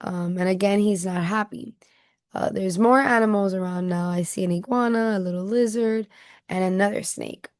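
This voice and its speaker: A woman teacher reading a picture book aloud to children and stopping often to ask them gentle questions. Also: medium pitch, steady tone, moderate pace, dry recording, clean studio sound. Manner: gentle questioning, checking in with listeners.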